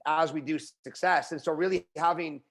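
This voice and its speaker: Male motivational speaker as a guest, animated delivery, a little high-pitched. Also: moderate pace. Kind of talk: conversational interview.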